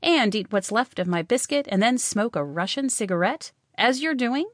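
A woman reading aloud and voicing a prim, excitable young woman who has run away, speaking higher and breathless. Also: measured pace, dry recording, studio quality. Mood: excited. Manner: breathless and startled, raised pitch.

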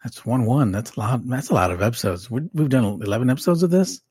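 A man's voice: mid-range voice, big pitch swings, fast talker, darkish tone, breathy edge. A man co-hosting a podcast, reading a recap aloud with wry joking asides. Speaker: podcast co-host.

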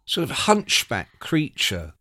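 Lively older man telling a story. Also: medium pitch, slow pace, dry recording, studio quality. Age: 60s. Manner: animated, acts out quoted voices, swears freely. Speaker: guest. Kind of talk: casual storytelling.

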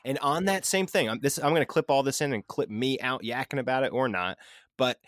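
A man hosting a podcast in casual chat, relaxed and conversational, swearing freely. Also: medium pitch, brisk, dry recording, clean studio sound. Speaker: podcast host.

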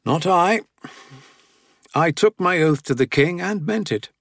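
A man lifting his voice into a wry older woman, once a nun, calm but sharp-tongued. She sounds higher than a man's usual speech, with a dry and even delivery. It is a close, dry studio sound, as in an audiobook. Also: a little slow, creaky, no room sound, full character voice. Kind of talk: audiobook character reading.

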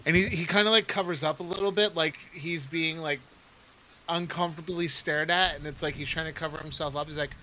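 Give me a bright-voiced man narrating his moves in a tabletop game. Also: fairly high pitch, fairly even intonation, fairly quick, slight background noise, rough recording. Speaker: player.

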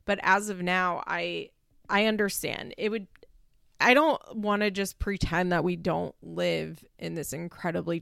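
A woman's voice: fairly low pitch, vocal fry, a bit bright, dry recording, studio quality. A woman giving her casual opinions on a reality show, talking frankly with lots of fillers and restarts. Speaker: reality TV commentator.

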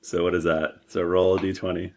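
A man narrating and running a tabletop role-playing game as game master, in a relaxed, halting way with fillers. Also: sits low.

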